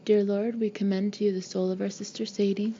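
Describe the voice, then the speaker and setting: A woman doing a droning, monotonous vicar. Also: medium pitch, fairly quick, lo-fi sound, a little hiss or hum, lightly acted. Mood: solemn. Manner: droning, solemn intoning. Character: monotonous middle-aged female vicar.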